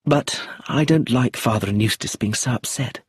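A man's voice: mid-range voice, moderate pace, breathy edge, no room sound, clean studio sound, voice pushed up. A man reading an audiobook, voicing a composed, firm young woman in a slightly raised voice. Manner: calm, firm.

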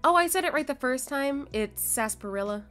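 A woman's voice: sits high, expressive, a little fast, fairly bright tone, faint music behind. A young adult woman streaming a game, chatting casually with her chat, reading and answering messages, swearing and laughing. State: sleepy, yawning.

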